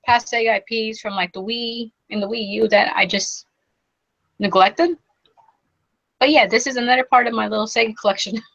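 A woman's voice: fairly high pitch, fairly bright tone, muffled recording. A woman co-hosting a podcast, chatting in a bubbly, casual way about her game pickups. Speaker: podcast co-host. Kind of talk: casual chat.

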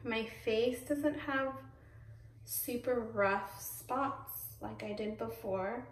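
Slow, chatty woman in a roomy space. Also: fairly high pitch, slight background noise. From Texas. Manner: chatty with frequent ums, self-correcting. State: pregnant. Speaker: vlogger. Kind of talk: casual product walkthrough. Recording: roomy, mic at a distance.

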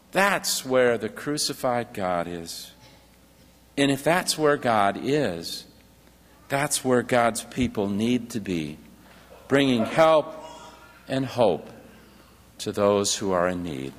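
A man preaching a sermon as pastor, slow and earnest, reading passages from a book aloud. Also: mid-range voice, long reverb tail.

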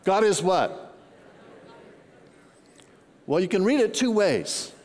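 Older pastor, fairly high voice, chatty storytelling sermon, long hall reverb. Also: male voice, sing-song, slow, darkish tone. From Southern California. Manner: storytelling, conversational with restarts. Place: large church auditorium.

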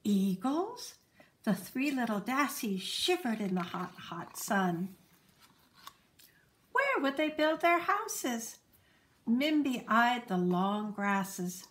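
A woman reading a children's picture book aloud in a gentle, lively storytelling manner. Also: a little high, takes it slowly.

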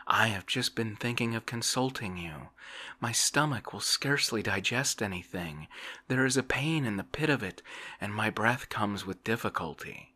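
A man doing a plaintive, dreamy idle gentleman. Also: lowish voice, expressive, normal speed, pitched above the performer's own voice. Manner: plaintive, yearning, sighing. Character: idle, dreamy middle-aged Russian gentleman. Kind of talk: whispered role-play.

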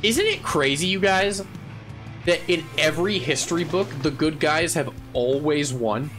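Over faint background music, a male streamer keeps up casual live chatter through a game, goofing around, laughing a lot and shouting when he wins. His voice is a little high, bright and forceful, swinging widely and animated but measured in pace.

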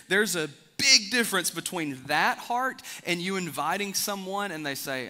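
Man, pastor, sermon, bright forceful voice, long hall reverb. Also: expressive, moderate pace, hardly any pauses. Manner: swings from loud emphatic highs to quiet low drops. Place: large church sanctuary.

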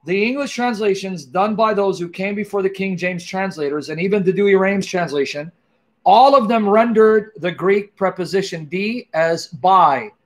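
On a Christian apologetics livestream, a man with a high-sitting voice talks at normal speed. He comments emphatically on a clip he's playing, repeats key words, and speaks directly to his viewers.

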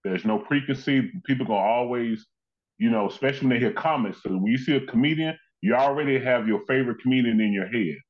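Animated storytelling man, dull recording. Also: mid-range voice, fast. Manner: animated, acts out quoted people in his stories. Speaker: comedian and actor, guest. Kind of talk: conversational storytelling in an interview.

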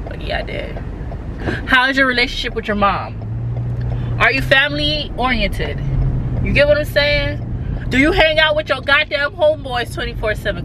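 A woman's voice: fairly high pitch, noisy background. Chatty, nervous young woman in a car. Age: 20s. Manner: chatty, nervous, swears a lot. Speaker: vlogger. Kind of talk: casual vlog monologue. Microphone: handheld phone or camera.

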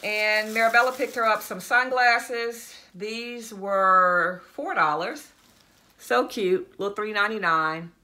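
Slow-paced and sharp-toned at medium pitch, a middle-aged fashion vlogger talks through her shopping haul in a casual video. She's enthusiastic and talkative, greeting her viewers as y'all and guys.

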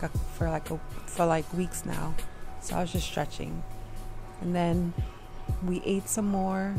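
A young woman vlogger chatting casually and softly, drained and out of breath, full of "like"s. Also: on the low side. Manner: soft, tired, filler-heavy talk. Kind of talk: casual vlog chat. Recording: music playing behind.

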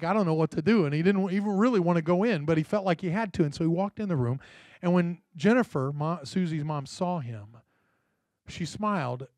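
A man's voice: on the high side, darkish tone, no room sound. A man, a pastor, giving a sermon in a conversational storytelling way and often checking in with the congregation. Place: church.

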